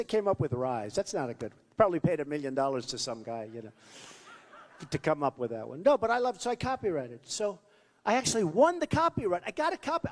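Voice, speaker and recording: Male candidate, rally speech, boastful and repetitive; high, very lively pitch; long reverb of a school hall. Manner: acts out quoted voices. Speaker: presidential candidate.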